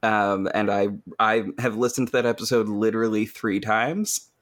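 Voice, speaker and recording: A man's voice: on the low side, moderate pace, fairly bright tone. A man hosting a podcast in casual chat, laughing often and swearing freely as he tells the story. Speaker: podcast host.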